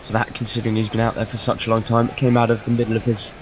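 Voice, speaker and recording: A man's voice: fairly low pitch, monotone, racing, poor audio. A man chatting casually as a cricket co-commentator, giving easygoing analysis, with faint background noise.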